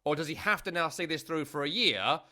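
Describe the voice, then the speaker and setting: British guy rambling about football, bright lively tone, lots of ums. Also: fairly high pitch, a little fast. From Britain. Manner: chatty, rambling, many fillers. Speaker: podcast co-host. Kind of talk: casual football chat.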